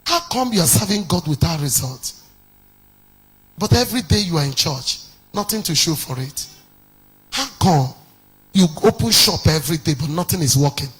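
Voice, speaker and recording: A man preaching a sermon, firing off rhetorical questions and rising into shouted decrees. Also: fairly high pitch, animated, normal speed, pauses often, slightly rough. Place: church.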